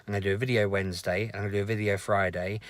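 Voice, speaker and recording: A man, chatting casually to camera in a rambling, animated vlog. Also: on the low side, rapid-fire, dry recording. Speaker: vlogger.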